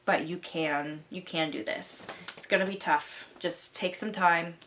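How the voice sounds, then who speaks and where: A woman's voice: fairly low pitch, fairly even intonation, a little slow, a bit bright, a little hiss or hum. A young woman giving a pick-a-card tarot reading, talking in a rambling, reassuring way with many fillers. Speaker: tarot reader.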